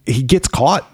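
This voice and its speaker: A male podcast co-host recaps a film in casual, chatty fashion, laughing and swearing freely. His mid-range voice is somewhat dark and slightly rough, recorded on a close mic with no echo.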